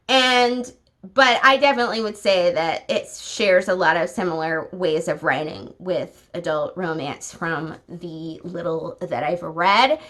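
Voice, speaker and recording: A woman's voice: mid-range voice, fairly bright tone. Chatty young woman book vlogger. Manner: chatty, opinionated, frequent "like" fillers. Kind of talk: casual vlog chat. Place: home at night.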